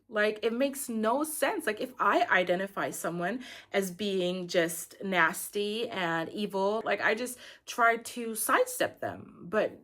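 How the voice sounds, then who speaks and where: A woman's voice: medium pitch, lively intonation, slow, fairly bright tone. A woman giving a casual, opinionated recap of a reality show, chatty and filling her talk with "like". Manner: chatty and opinionated, saying "like" constantly. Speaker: recap YouTuber.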